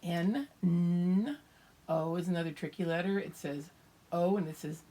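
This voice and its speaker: A woman's voice: on the low side, slow, mellow. An older woman teaching young children their letters remotely, patiently sounding out each letter and its sound. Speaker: preschool teacher.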